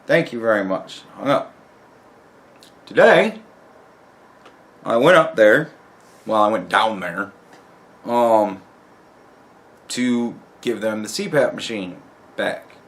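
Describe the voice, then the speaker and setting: A man's voice: fairly low pitch, animated, slow, long pauses, fairly bright tone. A man in an angry personal vlog rant, profane, heated and rambling. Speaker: vlogger.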